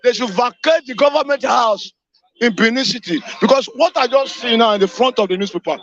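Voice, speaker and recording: A man from Edo State with a Nigerian accent, ranting fiercely as a caller on a live radio show, shouting and repeating himself and slipping into Pidgin. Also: extremely high pitch, brisk. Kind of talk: impassioned live radio call-in rant. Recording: dull lo-fi radio audio.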